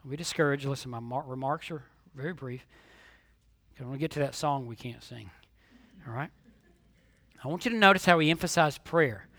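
A man preaching a sermon as a pastor, asking rhetorical questions and swinging between hushed and emphatic delivery. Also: mid-range voice, brisk, long pauses, no room sound.

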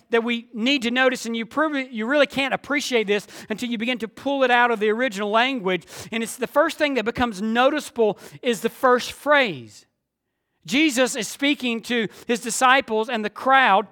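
Man preaching a sermon, really high voice, leans hard on key words. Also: sharp tone. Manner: preaching with emphatic repetition and drawn-out phrases. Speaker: pastor.

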